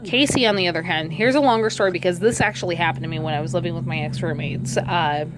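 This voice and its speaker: A woman whose voice is worn out and hoarse tells a rambling story, swearing casually as she goes. Her voice sits fairly low. A faint hiss runs under it. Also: fast talker. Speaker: video creator telling a pet story.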